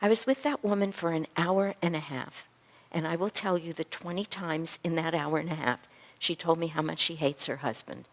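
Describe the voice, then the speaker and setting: Middle-aged woman teacher, low-ish voice, animated storyteller voicing each character. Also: normal speed. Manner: animated storyteller who acts out dialogue. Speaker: physician and spiritual teacher. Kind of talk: storytelling lecture to a class.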